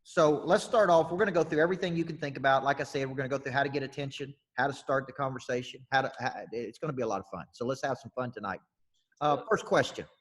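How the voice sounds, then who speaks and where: A man's voice: medium pitch, fast talker. A man hosting a sales panel as coach, talking loosely and steering the questions. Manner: loose, talkative, runs the questions. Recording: husky voice with long reverb.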